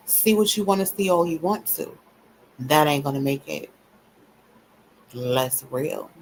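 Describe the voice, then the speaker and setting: A woman's voice: low-pitched, animated, a little slow, long pauses, a little hiss or hum, rough recording. A woman hosting a livestream, ranting bluntly and profanely at her viewers in a taunting, repetitive cadence. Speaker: livestream host.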